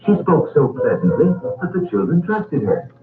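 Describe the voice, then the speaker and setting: A man narrating a storybook cartoon, reading aloud in a measured, expressive way. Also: fairly high pitch, reverberant. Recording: tinny old record with music.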